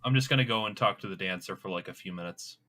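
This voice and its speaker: Man, tabletop player, lowish voice, bright and forceful tone, hesitant, stumbling. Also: fast. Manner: hesitant, stumbling over his words. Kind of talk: playing a tabletop game.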